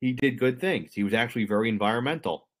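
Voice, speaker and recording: A man's voice: medium pitch, fast. A man co-hosting a podcast, casually telling a history story with jokes and asides to his co-host. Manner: conversational, jokey, explains history to co-host.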